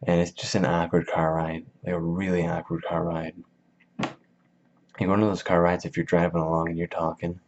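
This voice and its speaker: A man's voice: low voice, level tone, normal speed. A man giving a casual book summary in a slangy, rambling, jokey way, in a dull lo-fi recording. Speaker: video host.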